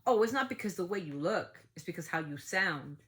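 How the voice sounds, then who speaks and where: A woman's voice: lowish voice, lively intonation, fairly quick, fairly bright tone. A woman hosting a family podcast, talking in a heated, outspoken way and swearing freely. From United States. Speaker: podcast host. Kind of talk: casual opinion talk.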